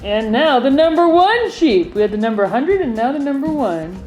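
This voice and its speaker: A woman's voice: high voice, sing-song, moderate pace, a little mellow, poor audio. A woman hosting a playful family video, cheerfully announcing each toy and laughing often. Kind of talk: playful commentary. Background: music.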